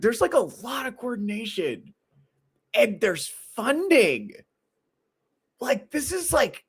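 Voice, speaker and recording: A man with a slightly high voice that swings all over the place hosts a solo podcast monologue. He talks in a rambling, swearing, exasperated way with lots of fillers. He sounds like a comedian chatting straight to his viewers. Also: fairly bright tone, husky.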